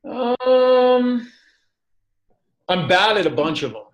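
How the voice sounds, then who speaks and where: A man who is a sports broadcaster, a podcast guest telling stories in animated, self-deprecating casual chat. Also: very high-pitched, takes it slowly, muffled recording.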